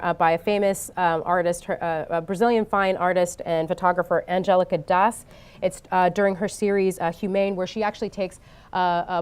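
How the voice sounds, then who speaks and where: A woman giving a talk at a design conference to an audience. She often pauses with ums and uhs and grows animated when she tells an anecdote. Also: on the low side, clear, resonant tone. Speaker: conference speaker. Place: conference stage before an audience.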